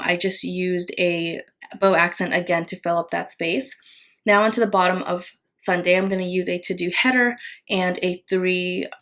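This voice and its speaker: A woman's voice: lowish voice, fairly bright tone. A young adult woman casually narrating a plan-with-me voiceover, chatty with frequent fillers and little apologies. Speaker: planner vlogger.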